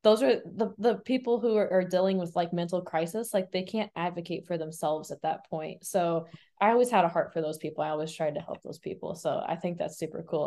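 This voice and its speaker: Brief: young woman host, low-ish voice, eager and chatty, lots of fillers. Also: steady tone, normal speed, mellow. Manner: enthusiastic, chatty, many fillers like "like" and "um". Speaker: podcast host, police officer. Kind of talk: casual interview chat.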